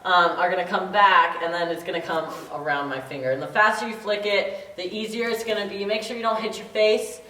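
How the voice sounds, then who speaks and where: A young woman teaching a karate lesson, counting drills in an encouraging way and shouting kiai yells. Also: mid-range voice, fairly even intonation, a little fast, few pauses. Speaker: karate instructor. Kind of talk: online martial arts lesson. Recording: echoey room from far off.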